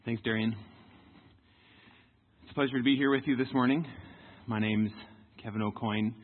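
A man's voice: mid-range voice, fairly even intonation, moderate pace. A man, a guest preacher, opening his sermon in a friendly, casual way. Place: church. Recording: tinny church recording.

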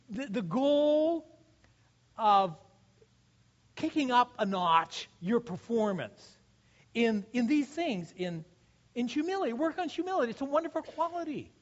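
A male pastor delivers an earnest, exhorting sermon. His voice sits high and swings widely in pitch as he asks the congregation questions and restarts his sentences. The recording sounds dull and lo-fi. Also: animated, unhurried, pauses often.

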